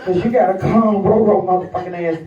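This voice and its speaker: A woman's voice: mid-range voice, steady tone, fast, mellow. A woman doing stand-up storytelling, brash and profane, talking straight to the crowd from a live comedy venue. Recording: echoey, distant, dull live recording.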